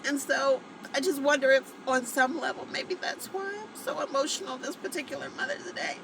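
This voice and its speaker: A woman's voice: sits high, normal speed, gravelly, noisy background. A woman in her forties hosting a live vlog broadcast, talking to her viewers in a heartfelt, rambling way. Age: 40s. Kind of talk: emotional live-stream chat with viewers.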